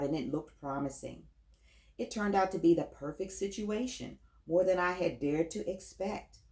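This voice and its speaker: A woman narrating a first-person audiobook story with an even, storytelling delivery. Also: on the low side. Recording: roomy echo.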